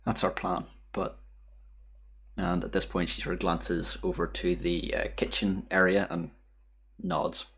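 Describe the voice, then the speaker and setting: Man, dungeon master, low voice, husky, hesitant, filler-heavy narration. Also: level tone, unhurried, a bit bright. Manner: hesitant, descriptive, with frequent fillers. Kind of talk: narrating a tabletop game.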